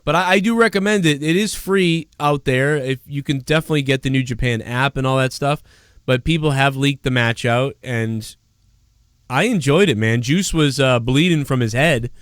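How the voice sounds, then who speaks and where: A man's voice: medium pitch, normal speed, smooth, no room sound, clean studio sound. A man hosting a live wrestling talk stream, chatting casually and rambling with plenty of swearing. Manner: rambling, profane, breaks into loud mock impressions.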